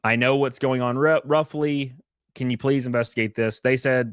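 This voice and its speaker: A man's voice: medium pitch, steady tone, moderate pace, clean tone, no room sound, studio quality. A man with a Southern accent, recounting his grievances in an online video. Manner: aggrieved storytelling, recounting complaints. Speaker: content creator.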